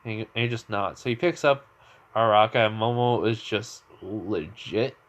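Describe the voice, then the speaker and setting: A man's voice: lowish voice, normal speed. A man telling an improvised fan story in a casual, rambling way, full of fillers and restarts.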